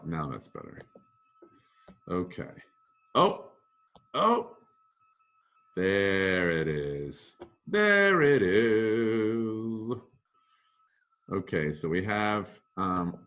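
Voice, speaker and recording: A man's voice: low-pitched, a bit bright. A middle-aged male Latin teacher giving a casual, rambling lesson and often correcting himself. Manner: chatty, rambling, self-correcting.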